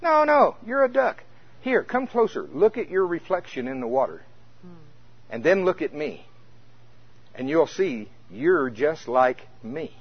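A man's voice: on the high side, sing-song, measured pace, breathy edge, exaggerated voice. A man voicing a patient, encouraging male lead duck who urges a friend to swim and fly. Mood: coaxing. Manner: urging, insistent. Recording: muffled lo-fi recording.

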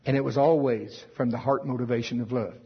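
Man, pastor, sermon, emphatic preaching, husky, dull lo-fi recording. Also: mid-range voice, steady tone, brisk. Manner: preachy, emphatic, quotes scripture in old wording.

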